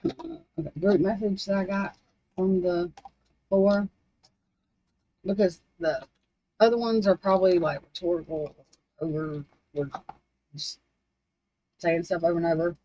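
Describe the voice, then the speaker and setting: Reading spiritual cards on a casual stream, this woman speaks in a lowish, mellow voice at a measured pace, pausing often. She talks to herself in a scattered way with muttered swearing, and her desk microphone sounds muffled.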